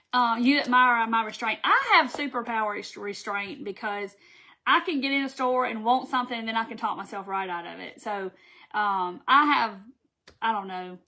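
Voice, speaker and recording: A woman's voice: a little high, sharp tone. A middle-aged woman, hosting a casual live stream, chatty and gushing, talking to viewers by name and laughing often. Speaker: craft channel host.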